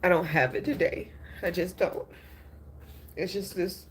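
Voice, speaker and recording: A woman's voice: on the low side, fairly even intonation, unhurried, background noise. A woman hosting a news and gossip show, giving emotional political commentary, upset and apologetic, restarting her sentences often.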